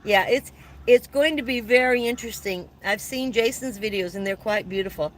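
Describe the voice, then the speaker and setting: Her voice is a little high and moderately paced as this woman in her 70s livestreams casually from her van. She chats, reads comments, thanks viewers warmly and laughs a lot. The low-quality recording has slight background noise.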